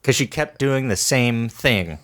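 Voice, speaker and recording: Young male co-host, jokey rambler with an animated delivery. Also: mid-range voice, a little slow. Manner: rambling, jokey, drops into impressions. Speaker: podcast co-host. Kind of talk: casual chat.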